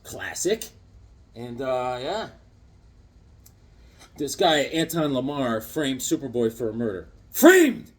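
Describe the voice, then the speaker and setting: Slow and pausing often, this medium-pitched middle-aged man presents his comic collection in a relaxed show-and-tell vlog. Between comics he tells a childhood story loaded with fillers and restarts.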